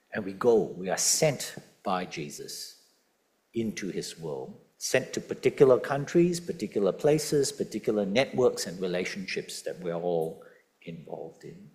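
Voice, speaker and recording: Lively low-voiced male preacher. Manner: lively, questioning the congregation, emphatic quotes. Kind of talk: sermon. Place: church.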